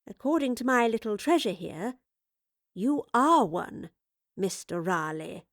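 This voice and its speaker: A woman's voice: on the high side, sing-song, unhurried, no echo, clean studio sound. A woman voicing a bold, teasing female time-travelling professor with a cheeky, fearless manner.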